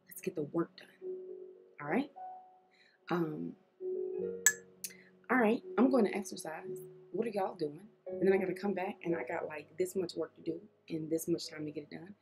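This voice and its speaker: Woman devotional host, higher voice, passionate repetitive exhortation with a chatty edge, music bed underneath. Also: gravelly. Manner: chatty and self-deprecating between points. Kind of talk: devotional sermon and casual chat.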